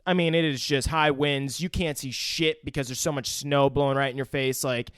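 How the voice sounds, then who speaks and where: A young man co-hosting a podcast, recapping a movie in casual chat, crude and quick to laugh. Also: medium pitch, steady tone, fairly bright tone, clear, resonant tone, no room sound, clean studio sound. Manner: crude, laughing, swears freely. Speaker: podcast co-host.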